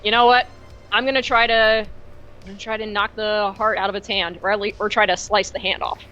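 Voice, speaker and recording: A woman playing a tabletop game, talking in a hesitant, halting way and often restarting her sentences. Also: medium pitch, flat delivery, sharp tone, highs cut off, soft background music. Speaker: player.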